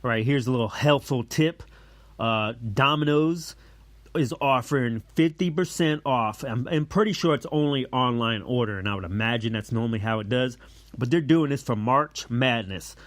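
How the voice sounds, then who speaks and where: A man hosting a comedy podcast, rambling through jokes and stories and acting out both sides of the dialogue loudly. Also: medium pitch, moderate pace, dry recording. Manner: loud animated storytelling with acted-out dialogue. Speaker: podcast host.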